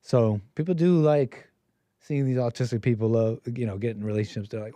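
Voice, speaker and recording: A man's voice: medium pitch, steady tone, fairly quick, mellow, no echo. A man hosting a call-in show, rambling in casual commentary with a mocking tone and frequent restarts.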